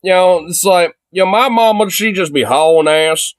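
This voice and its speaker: A man putting on a deep, drawling Southern voice as a joke. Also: moderate pace, natural voice.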